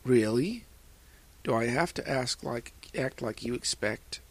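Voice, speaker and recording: Give me a man playing a soft-spoken, reserved teenage girl. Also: mid-range voice, lively intonation, a little slow. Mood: quiet. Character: quiet shy teenage girl pilot.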